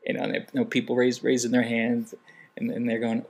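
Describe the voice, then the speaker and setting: A man's voice: medium pitch, monotone, a little fast, vocal fry, darkish tone. A man vlogging casually, telling a humorous travel story and acting out what people said. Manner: humorous, acts out quoted lines in other voices.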